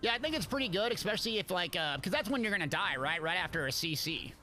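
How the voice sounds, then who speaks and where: High, bright-voiced hyped male streamer. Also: lively intonation, fast. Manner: hyped, shouts and laughs during fights. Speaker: game streamer. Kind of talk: live gameplay commentary.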